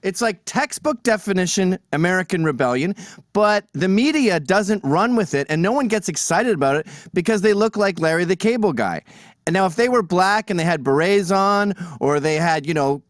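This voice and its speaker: A man's voice: high-pitched, no room sound, studio quality. A man from Canada hosting a talk show, giving opinions in casual chat and acting out the people he quotes. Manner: opinionated, acts out quoted voices. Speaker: show host.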